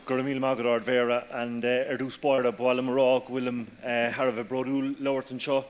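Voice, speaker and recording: A man's voice: medium pitch, faint music behind. Irish man speaking in a reverberant chamber. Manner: even, measured delivery with Irish phrases. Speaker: councillor. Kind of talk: formal council speech. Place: council chamber.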